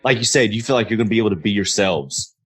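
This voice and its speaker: Man, podcast host, halting questions, repeats words, casual. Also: lowish voice, expressive, fairly bright tone, breathy edge. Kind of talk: casual interview.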